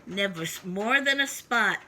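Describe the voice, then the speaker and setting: A woman reading a children's story aloud, with expressive, sing-song emphasis. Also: medium pitch, a little slow, a little hiss or hum. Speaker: storybook reader.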